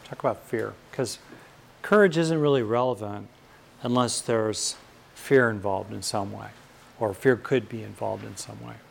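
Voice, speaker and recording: Thoughtful and unhurried, an older American from California speaks about courage and fear, with frequent pauses and rising stress on the main points. His voice runs low and creaky, over slight background noise.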